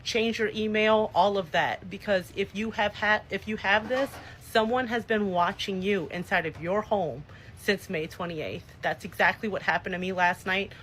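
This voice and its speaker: A woman's voice: mid-range voice, normal speed, hardly any pauses, a bit bright, slight background noise, rough recording. A woman urgently warning her viewers, emphatic and direct.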